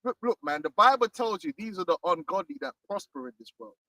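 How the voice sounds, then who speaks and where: Man, high bright voice, fiery street preaching, dry distant sound, outdoors. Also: sing-song, a little fast, dry recording. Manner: fiery, emphatic, repeats "man".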